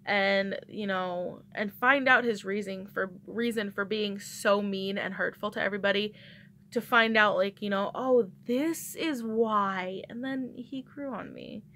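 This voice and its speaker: A woman's voice: mid-range voice, a bit bright. A young woman vlogging casually about books, chatty and rambling, often laughing and correcting herself mid-sentence. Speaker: book vlogger. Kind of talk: casual chat.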